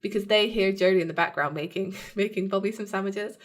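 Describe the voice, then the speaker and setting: A woman co-hosts a podcast and recaps a TV episode in a casual, chatty way. She laughs easily and slips into the characters' lines as she retells scenes. Her voice sits at an ordinary middle pitch. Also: fairly quick. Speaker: podcast co-host.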